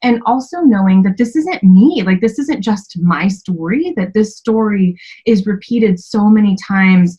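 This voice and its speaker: A woman in her twenties, a podcast guest, telling a personal story candidly, with many fillers and sharp rises when she quotes herself. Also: medium pitch, a little slow, hardly any pauses, slightly rough, dull audio.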